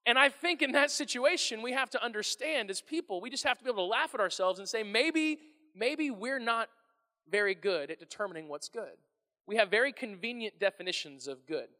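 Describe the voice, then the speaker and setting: A man preaching a sermon as pastor, animated and conversational, often restarting his phrases. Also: high voice, brisk, long reverb tail.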